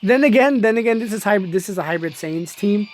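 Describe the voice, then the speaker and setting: A woman giving excitable live commentary on a mobile game, laughing often and talking straight to her viewers. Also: mid-range voice, quick pace, slight background noise. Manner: chatty, addresses viewers as y'all.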